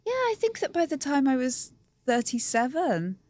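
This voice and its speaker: A woman's voice: high voice, very animated, normal speed, darkish tone. A middle-aged woman, a guest on a podcast talking candidly and with self-deprecating humour. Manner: chatty, self-deprecating, emotional.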